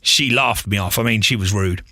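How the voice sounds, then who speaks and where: A man's voice: fairly low pitch, moderate pace, crowd noise. A man, a radio presenter, telling stories in a casual interview, acting out quotes and laughing often. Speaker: radio presenter, podcast guest.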